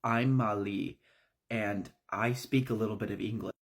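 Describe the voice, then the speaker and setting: A man voicing a frightened young woman, a rescued captive who speaks haltingly and carefully. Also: on the low side, fairly even intonation, creaky, husky. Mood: timid.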